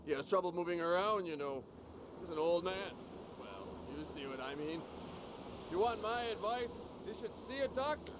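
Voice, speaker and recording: A man's voice: sits high, lively intonation, moderate pace, background noise. An actor playing a gossiping villager man who hands out unasked advice, in an adventure game. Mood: gossipy. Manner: gossipy, rambling. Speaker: game character.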